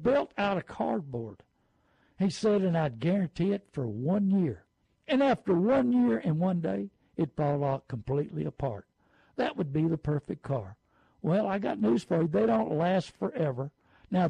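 A middle-aged man giving folksy car-buying advice, with lively storytelling. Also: high voice, creaky, husky, no echo, low-quality recording.

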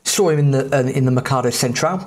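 A man's voice: mid-range voice, fast. An English man, a podcast host, telling travel stories in a casual, rambling way, often stopping to correct himself. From England. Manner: rambling, self-correcting, chatty.

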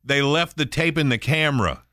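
A middle-aged man co-hosting a radio show, telling animated stories and mimicking people. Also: fairly high pitch, normal speed, no room sound, studio quality. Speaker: radio co-host. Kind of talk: casual banter.

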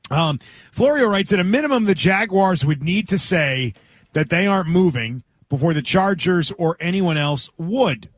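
A man's voice: sits high, lively intonation, normal speed, dry recording. A male sports radio host with a slightly raised voice. He reads out quotes and then makes his case, and the dry studio mic keeps the sound close and tight. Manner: reads quotes aloud, then argues a point. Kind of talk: talk radio commentary.

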